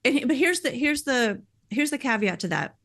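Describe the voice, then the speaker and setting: A woman speaking in earnest, conversational podcast talk, heartfelt and animated, often filling with "like" and "you know.". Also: high voice, normal speed. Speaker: podcast speaker sharing personal experience.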